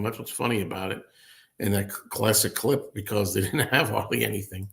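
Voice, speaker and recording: Here the host is a man with a gravelly, fairly bright voice on the low side, talking a little fast. Seated indoors at a table with a laptop, he runs a casual solo livestream, responding to viewer comments while he rambles, thinks out loud and laughs a lot.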